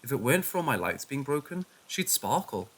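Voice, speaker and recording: A man narrates a first-person horror story in a hushed, tense manner. His voice sits at a middle pitch for a man. He reads it as a scripted telling. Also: sing-song, a little fast, breathy edge.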